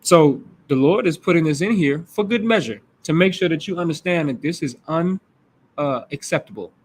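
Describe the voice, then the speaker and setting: A man's voice: on the high side, expressive, moderate pace, slightly rough. A man leading a Bible class, preaching in a blunt, emphatic way with crude language.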